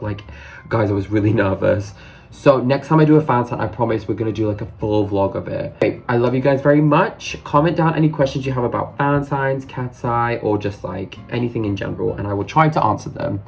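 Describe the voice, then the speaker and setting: A man's voice: mid-range voice, creaky, darkish tone. A man telling a story in a casual vlog, chatty and gushing, swearing casually as he goes. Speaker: vlogger.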